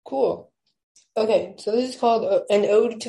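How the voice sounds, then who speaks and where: A young woman, a podcast guest, chatting casually and then reading her own poem aloud with slow, measured stresses. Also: medium pitch, gravelly, warm tone, poor audio. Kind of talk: casual chat and poetry reading.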